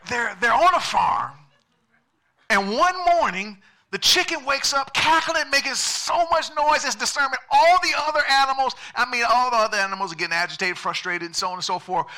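A man's voice: very high-pitched, animated, moderate pace, bright, forceful tone. A male pastor preaching a sermon emphatically and calling on the congregation to respond.

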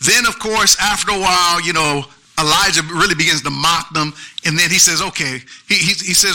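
A pastor preaching an animated sermon with features, calling out to the congregation. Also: male voice, fairly high pitch, brisk, few pauses, poor audio. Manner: animated preaching with call-and-response asides.

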